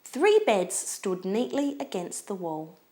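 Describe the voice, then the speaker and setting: A woman reading a children's storybook aloud in an expressive, lilting way. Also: mid-range voice, takes it slowly.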